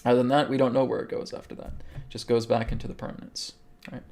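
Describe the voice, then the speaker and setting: A man hosting a live show, calmly guiding a healing meditation and answering viewers' questions, often checking in with "okay". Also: mid-range voice, quick pace. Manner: calm, instructive, repeats okay. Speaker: host and spiritual healer.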